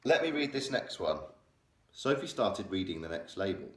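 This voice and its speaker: A man's voice: sits low, very animated, moderate pace. A male primary school teacher reading a children's novel aloud, changing his voice for the characters. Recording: echoey room.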